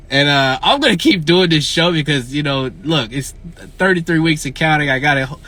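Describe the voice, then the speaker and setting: A man's voice: a little high, lively intonation, normal speed, sharp tone. A man hosting a casual real estate Q&A livestream, outdoors and talking into a phone, sounding frustrated and repeating himself as he vents. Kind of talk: casual livestream chat, venting. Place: outdoors in the field.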